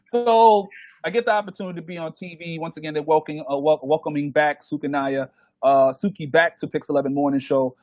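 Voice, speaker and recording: A man with a high voice tells a story in easygoing chat, slipping into the voices of the people he quotes. He is recorded close and dry, with no room sound around him. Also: fast talker, no echo. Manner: animated, acts out the people he quotes. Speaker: DJ guest. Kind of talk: casual storytelling. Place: podcast recording.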